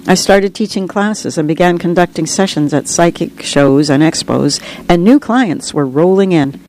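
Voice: medium pitch, moderate pace, a little mellow, slight background noise, rough recording. Earnest, reflective audiobook memoir narrator.

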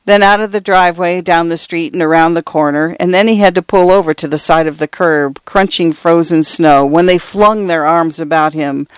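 A man narrating literary fiction in a measured, wry storytelling delivery. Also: on the high side, clear, resonant tone, no room sound. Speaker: audiobook narrator.

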